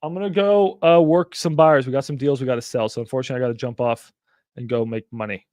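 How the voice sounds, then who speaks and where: A man's voice: mid-range voice, steady tone, fast talker, darkish tone, no room sound, studio quality. A young man hosting a casual livestream, talking bluntly and animatedly, with frequent swearing. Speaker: livestream host.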